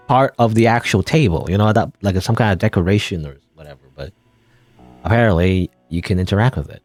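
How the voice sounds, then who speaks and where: A man's voice: low voice, a little fast, darkish tone, no room sound, faint music behind. A man giving casual gameplay commentary, rambling and chuckling as he thinks aloud. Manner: rambling, chuckling, self-interrupting. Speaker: let's play gamer.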